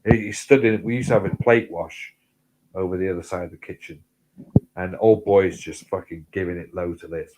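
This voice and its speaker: A man telling rambling, sweary anecdotes in casual chat, getting louder as the story builds. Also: moderate pace, background noise. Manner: sweary rambling anecdotes, gets loud and high when excited. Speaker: host.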